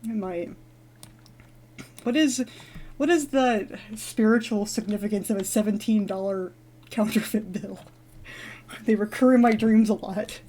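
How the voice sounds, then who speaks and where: A woman's voice: medium pitch, a little slow, long pauses, warm tone. A woman vlogger telling a long story in a casual, rambling, giggly way while she plays a game. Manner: rambling, giggly, with many fillers and restarts. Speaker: gaming vlogger.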